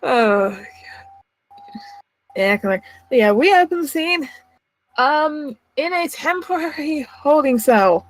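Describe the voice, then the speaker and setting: A woman narrating a tabletop game as game master, pausing often with ums and uhs. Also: high-pitched, expressive, no room sound, low-quality recording. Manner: hesitant, full of ums and uhs.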